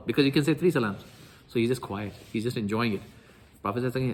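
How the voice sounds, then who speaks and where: A man's voice: medium pitch, fast, big-room sound. A man giving a religious lecture, telling stories animatedly and acting out the dialogue.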